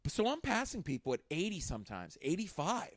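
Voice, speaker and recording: Animated man on a podcast. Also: a little high, fairly quick, dry recording, clean studio sound. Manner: animated, swears freely, many fillers. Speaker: podcast co-host. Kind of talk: casual chat.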